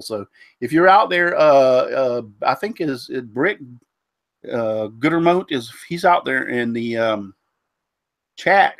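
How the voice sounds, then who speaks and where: A man with a cold hosts a casual live stream, his voice sitting at a middle pitch. He rambles through fillers and keeps fumbling names. The sound is dry and close to the mic. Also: vocal fry, no room sound. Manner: rambling, stumbles over names, frequent fillers. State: congested, recovering from a cold. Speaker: host of a woodworking live show.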